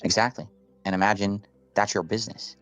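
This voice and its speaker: A man's voice: on the low side, steady tone, brisk, fairly bright tone, faint music behind. A man talking earnestly on a late-night call and explaining his views at length. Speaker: streamer on a call.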